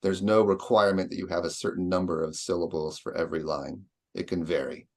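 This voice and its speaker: A man's voice: low-pitched, steady tone, a little fast, creaky. A man lecturing patiently on poetry, sounding out rhythms aloud as he explains.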